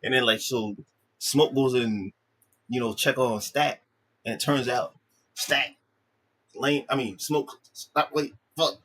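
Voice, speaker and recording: A man's voice: mid-range voice, fairly even intonation, takes it slowly, pauses often, a bit bright, slightly rough. A man casually retelling a film's plot, loose and slang-heavy, swearing freely and often repeating himself and restarting his sentences. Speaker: vlogger. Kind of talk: casual storytelling, recapping a film.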